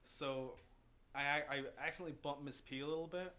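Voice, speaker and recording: A man's voice: on the high side, steady tone, a little fast, bright, forceful tone. A young man hosting a podcast, casually telling stories and swearing freely. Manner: profane storytelling, swears freely. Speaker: podcast host. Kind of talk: casual chat. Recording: faint background noise.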